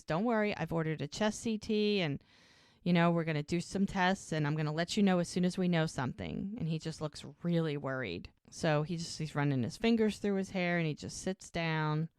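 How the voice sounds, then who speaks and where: Smooth low-voiced woman recapping scenes. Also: darkish tone, no room sound, studio quality. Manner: retells scenes, quoting the characters' lines in little voices. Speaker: podcast co-host recapping episodes. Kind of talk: casual recap chat.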